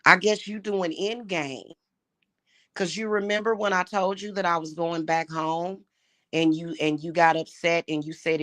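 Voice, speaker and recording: Angry, profane woman with a bright voice. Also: fairly low pitch, fairly even intonation, moderate pace. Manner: confrontational, profane, mocking. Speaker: vlogger. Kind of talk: angry monologue vlog.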